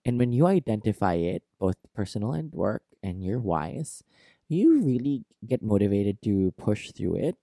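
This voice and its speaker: A man's voice: lowish voice, big pitch swings, moderate pace, vocal fry, mellow, dry recording, clean studio sound. A man hosting a podcast, giving a casual self-help talk in a rambling, candid way with lots of "like" and "you know". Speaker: podcast host.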